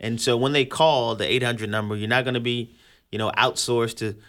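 A man's voice: mid-range voice, steady tone, fairly quick, a bit bright, dry recording, studio quality. Male radio host, casual rambling delivery with frequent restarts. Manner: joking, rambling, repeats words.

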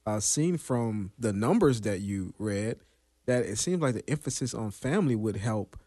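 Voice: mid-range voice, expressive, moderate pace, mellow, dry recording. A podcast co-host making dry, wry remarks in casual talk.

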